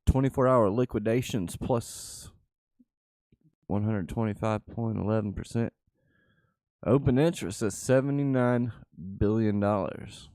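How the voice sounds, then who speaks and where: A man's voice: lowish voice, measured pace, pauses often, mellow, smooth, no echo. A man hosting a channel, casually talking through his trades live and muttering offhand remarks to himself. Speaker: channel host and crypto trader. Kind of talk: casual live commentary while trading.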